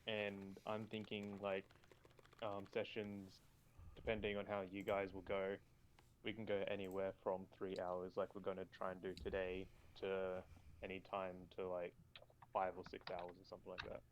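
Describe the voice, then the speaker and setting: A man's voice: low voice, completely flat delivery, moderate pace, a little hiss or hum, rough recording. A man running a tabletop game, explaining at length in a casual chat with many fillers. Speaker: game master.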